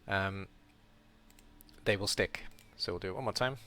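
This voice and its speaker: A man's voice: sits low, unhurried, pushed and bright. A man streaming a casual round-up of his game league as host, rambling and correcting himself as he thinks aloud.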